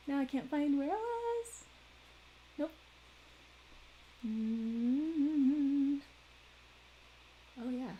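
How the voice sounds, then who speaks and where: A woman rambles through casual chat while she crafts on a live stream. She giggles easily and keeps her voice a little on the high side. Faint noise and clicking sit under the recording. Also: lively intonation, very slow, long pauses, warm tone, poor audio.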